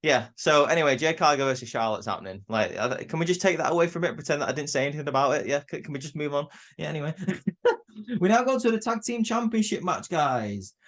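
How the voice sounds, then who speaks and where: A man's voice: a little high, lively intonation, fast, a bit bright. A young man giving a casual spoken review of a wrestling show, rambling and often stammering and restarting his sentences.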